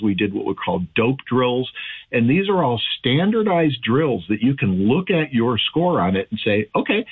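A man's voice: mid-range voice, breathy edge, phone-quality sound. A man talking as a radio show's firearms expert in a casual, rambling way, with many restarts and fillers.

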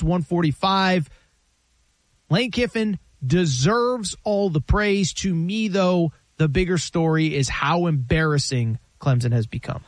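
A man hosting a sports talk show, running through scores and stats in a brisk, emphatic way. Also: a little high, dry recording.

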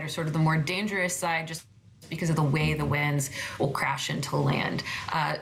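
A woman's voice: sits low, slight background noise. A woman weather reporter answering interview questions, hesitant with frequent fillers and restarts.

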